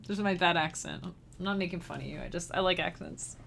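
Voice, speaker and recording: Her voice sits on the low side, brisk and gravelly yet fairly bright, with slight background noise. She's a chiptune musician and livestreamer casually chatting with her stream, giggly and bubbly, addressing viewers directly.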